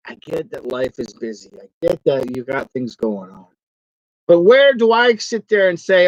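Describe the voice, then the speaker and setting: An online reseller vlogger with a fairly high-pitched voice rambles casually, joking, complaining and laughing easily. The recording is dull, lo-fi and dry, with no echo.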